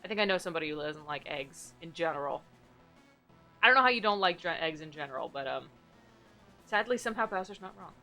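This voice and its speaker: A woman streamer giving excitable, giggly commentary while playing a game, swearing now and then. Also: on the low side, fast, long pauses, faint music behind. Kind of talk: casual gameplay commentary.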